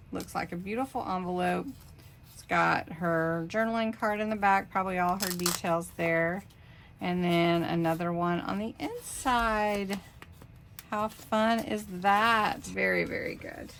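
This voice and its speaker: A woman hosting a craft channel, casually opening mailed craft cards and thanking senders with warm, gushing praise. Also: lowish voice, steady tone, a little slow, vocal fry, slight background noise.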